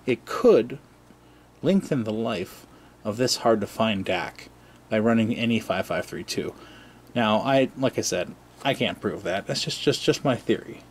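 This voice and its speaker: A man's voice: lowish voice, animated, unhurried, slightly rough. A man hosting an arcade repair video in his garage, talking casually with rambling, self-interrupting asides and chuckles. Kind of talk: casual hands-on repair vlog. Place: cluttered home garage.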